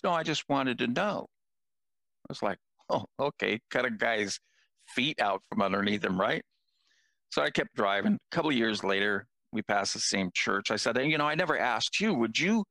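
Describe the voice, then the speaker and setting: Gravelly older man telling jokey stories. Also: fairly low pitch, a bit bright, no room sound. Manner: self-deprecating, jokey storyteller. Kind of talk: casual conversation.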